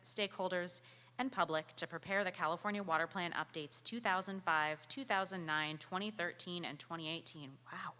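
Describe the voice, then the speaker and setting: A woman's voice: on the low side, bright, forceful tone. A woman moderating a public meeting in a friendly way, explaining procedure and introducing the next speaker. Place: meeting hall. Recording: reverberant meeting hall.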